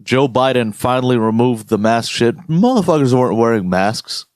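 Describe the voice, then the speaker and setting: A young American man co-hosts a podcast, talking casually and ranting with lots of swearing as he tells stories animatedly. He has a mid-range voice and speaks at a normal speed. The recording is dry, with clean studio sound.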